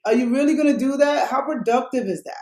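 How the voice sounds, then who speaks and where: A woman running for mayor, talking passionately in a fast, rhythmic way on a podcast interview. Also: high voice, darkish tone, roomy sound, rough recording. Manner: passionate, rapid, rhythmic talk. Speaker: mayoral candidate.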